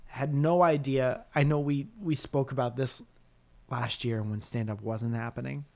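A man's voice: medium pitch, steady tone, unhurried, a little mellow. Guy comedian co-hosting a podcast, rambly jokey storytelling, regular mid voice. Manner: rambling, joking, self-deprecating storyteller. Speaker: podcast co-host and stand-up comedian. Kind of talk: casual chat.

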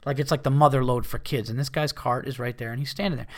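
A man's voice: mid-range voice, steady tone, fast talker. Rambling, profane man telling a story. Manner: rambling, swears often, heated. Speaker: podcast host.

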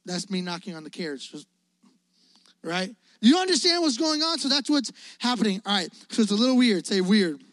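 A man's voice: high voice, fairly quick, no echo. Male youth pastor, chatty storytelling sermon, dry sound. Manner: casual, energetic, asks the audience questions.

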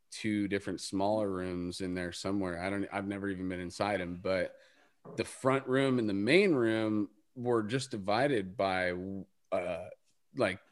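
A man with a fairly low voice hosts a casual talk. He rambles through his story with plenty of fillers and the odd curse word, never in a hurry to land the point. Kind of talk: casual chat.

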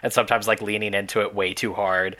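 A man's voice: lowish voice, level tone, fast, sharp tone. A man co-hosting a casual podcast, recapping a movie in a wry, rambling way and laughing often. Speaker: podcast co-host.

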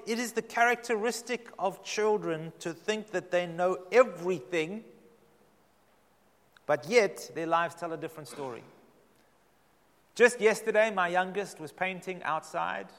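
A middle-aged man, a pastor, giving a sermon with dramatic, emphatic delivery and slow repeated phrases. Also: a little high, a bit bright. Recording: long hall reverb.

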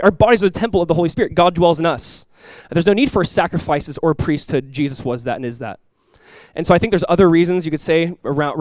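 Fast-talking pastor, casual preaching. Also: male voice, a little high, no echo, poor audio. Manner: casual, animated preaching with playful voiced asides. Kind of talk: sermon.

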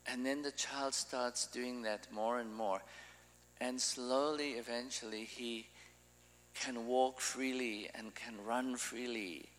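A man's voice: medium pitch, steady tone, takes it slowly, a bit bright, long reverb tail, poor audio. A man preaching an informal sermon, talking in a loose, conversational way and often restarting his sentences.

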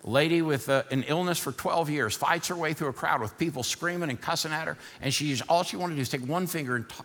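A male pastor preaching a sermon in a church, building to fired-up shouting and easing into a softer prayer. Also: fairly high pitch, quick pace, in a large hall. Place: church sanctuary.

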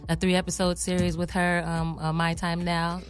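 A woman, a singer and songwriter, telling her story in a lively, casual interview and acting out the voices of the people she quotes. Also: moderate pace. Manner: acts out quoted voices, pitch jumping high; lively, laughing, talks to listeners as y'all. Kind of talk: animated storytelling in casual chat.

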